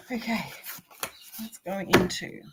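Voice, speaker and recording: A woman's voice: medium pitch, very noisy. A woman, a spiritual coach, doing a live oracle card reading and speaking encouragingly to viewers by name.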